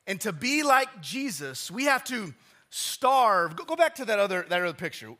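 A man preaching a casual, conversational sermon in a church, often restarting phrases and dropping low and quiet for emphasis. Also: sing-song, normal speed. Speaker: pastor.

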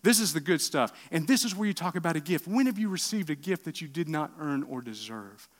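Animated middle-aged preacher. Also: male voice, fairly high pitch, brisk. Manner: animated preaching with rhetorical questions and sudden drops to quiet. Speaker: pastor. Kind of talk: sermon.

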